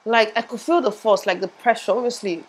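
A woman's voice: on the high side, a little fast, husky, low-quality recording. A young woman vlogging casually, chatty and rambling, laughing at herself while sore from a recent tooth surgery. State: in pain after tooth surgery, speech a bit muffled. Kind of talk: casual vlog chat. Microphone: lapel mic.

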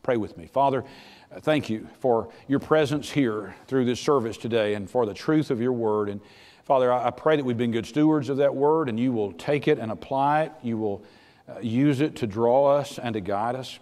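A middle-aged pastor preaching a sermon in a plainspoken, folksy, earnest way, shifting between soft and loud. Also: male voice, medium pitch, normal speed. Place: church sanctuary. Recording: church sanctuary with long reverb.

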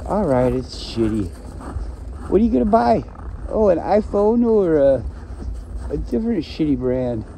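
A man's voice: fairly high pitch, sing-song, a little slow, long pauses, mellow, a little hiss or hum, poor audio. A man ranting to himself in a rambling solo vlog, swearing often and complaining. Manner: profane, complaining, talks to himself. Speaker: vlogger.

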